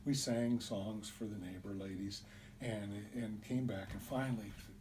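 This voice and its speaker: A man telling a childhood story in an animated way, acting out the voices, recorded on a distant mic with faint hiss. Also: lowish voice, a little slow. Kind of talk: told personal story.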